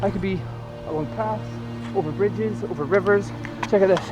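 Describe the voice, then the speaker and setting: A man's voice: high-pitched, normal speed, highs cut off, loud music behind the voice. A man in his thirties chatting casually while jogging outdoors, a bit breathless and rambling, filming himself on a camera. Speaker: running vlogger. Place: outdoors on paths near a city. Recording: outdoor noise, planes and traffic. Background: traffic and aircraft noise.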